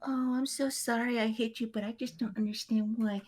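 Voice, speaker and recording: A fake-polite woman driver who apologizes and blames in the same breath, as a man mocks her. Her voice is pitched high and sugary. The apology sounds put on. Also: steady tone, normal speed. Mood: fake-sorry.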